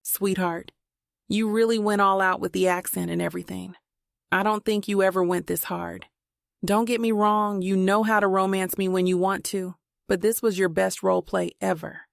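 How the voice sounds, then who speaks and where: Sassy teasing wife, read by a woman, casual talk, gravelly voice, dry close audio. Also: medium pitch, steady tone, moderate pace, no room sound, close to an everyday voice. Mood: pleased.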